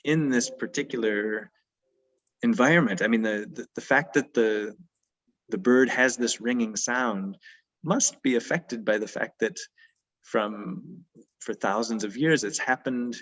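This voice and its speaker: A man's voice: mid-range voice, unhurried, a bit bright, lo-fi sound. A man leading a poetry and birdsong session, talking thoughtfully with frequent hesitations. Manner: thoughtful, hesitant, many ums. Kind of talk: discussing poetry.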